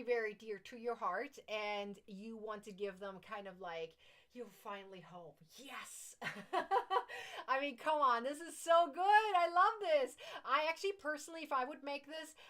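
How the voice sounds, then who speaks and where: Non-native English speaking woman, crochet livestream host. Gushy, excitable, giggly. High voice. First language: not English. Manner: gushing, excitable, laughs often. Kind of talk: casual chat reading viewer comments.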